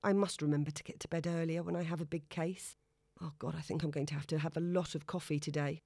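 A woman's voice: deep voice, steady tone, fast, dark tone, dry recording, studio quality. A woman voicing an insecure, romantic young professional woman who talks in a flustered, self-deprecating way.

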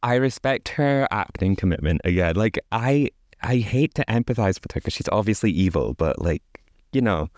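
A man's voice: lowish voice, lively intonation, moderate pace, darkish tone, no echo, studio quality. A man co-hosting a podcast, reading a fairy tale aloud with wry, casual asides. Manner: wry asides, frequent laughs, many "like"s. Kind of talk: casual read-aloud with commentary.

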